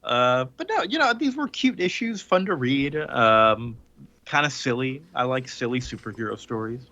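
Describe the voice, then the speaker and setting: A man's voice: mid-range voice, animated, normal speed, sharp tone, no echo, lo-fi sound. A man hosting a podcast in casual chat, recapping a comic in a rambling way with many fillers and chuckles. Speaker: podcast host.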